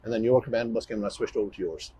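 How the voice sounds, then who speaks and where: A man, a police officer, outdoors recounting events to investigators in a hurried, halting way with many restarts. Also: on the low side, dark tone, slight background noise. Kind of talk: recounting events under questioning. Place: outdoors at a roadside scene.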